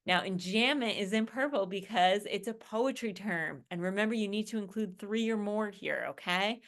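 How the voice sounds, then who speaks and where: A woman's voice: medium pitch, normal speed, a bit bright. A woman college English instructor in a recorded lecture, walking students through an assignment in a conversational way and often checking in with "right?" and "okay?".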